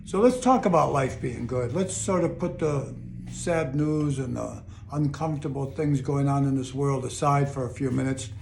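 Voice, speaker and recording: Older guy, gravelly voice a bit high, earnest upbeat pep talk to camera, says things twice. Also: slight background noise. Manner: earnest, gently upbeat, repeats phrases. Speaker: motivational video host. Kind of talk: casual motivational talk to camera. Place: home in Chicago.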